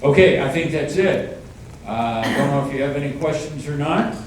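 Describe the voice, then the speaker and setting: A man's voice: on the high side, animated, moderate pace. A man hosting a live storytelling event and explaining the rules in a loose, rambling way. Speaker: event host. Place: indoor event hall with audience. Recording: echoey hall, mic far off, crowd noise.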